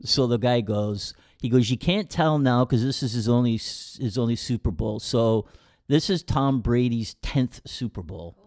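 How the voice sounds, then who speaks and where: A man co-hosting a podcast, talking casually in a middle-pitched voice. He retells stories quickly and haltingly, stumbling over his words and filling gaps with fillers. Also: darkish tone. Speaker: podcast co-host. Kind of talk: casual chat.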